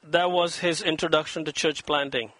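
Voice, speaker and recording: A man preaching a sermon in a high, bright voice, and he throws himself into the quoted lines with dramatic emphasis. The sound is dry and close, with no room echo. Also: fairly even intonation, normal speed. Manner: dramatic, acts out quoted voices with rising pitch. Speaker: pastor.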